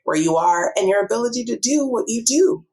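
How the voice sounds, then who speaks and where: A woman's voice: fairly high pitch, expressive, brisk, a little mellow. A woman speaking as a guest on a podcast, earnest and affirming in a casual chat.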